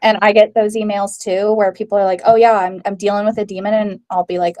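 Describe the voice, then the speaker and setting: A woman's voice: medium pitch, little pitch movement, fast talker, a little mellow. Young woman, chatty folklorist co-host. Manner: chatty, many "like"s, acts out quotes. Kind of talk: casual chat.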